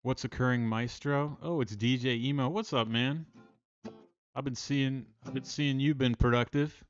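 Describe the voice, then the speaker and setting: A man's voice: mid-range voice, normal speed, no room sound, lo-fi sound. A man from Maryland hosting a casual livestream, rambling, self-deprecating and restarting his sentences. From Maryland, USA. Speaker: livestream host and songwriter.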